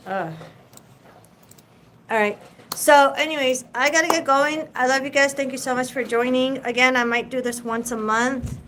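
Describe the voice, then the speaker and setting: A woman's voice: high-pitched, moderate pace, fairly bright tone, a little hiss or hum, poor audio. A woman and mother hosting a casual live chat, talking in a loose, rambling way and swearing freely. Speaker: livestream host.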